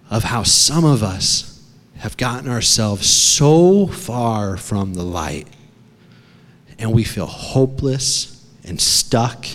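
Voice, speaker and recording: A man preaching a sermon as a dramatic story, swinging from hushed to shouting. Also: mid-range voice, in a large hall. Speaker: pastor. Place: church.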